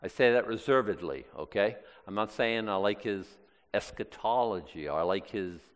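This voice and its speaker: A man's voice: fairly low pitch, expressive, moderate pace, in a large hall. A man teaching from the Bible to a congregation in a loose, conversational way, with restarts and side remarks. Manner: chatty, digressive, with frequent restarts and asides. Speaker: pastor.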